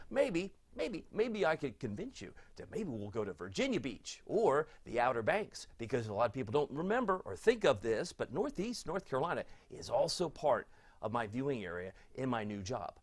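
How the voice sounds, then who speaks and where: A man's voice: medium pitch, expressive, brisk. A middle-aged man, a TV weatherman, chatting through a live forecast and reading out viewer comments in a sentimental, easily moved way.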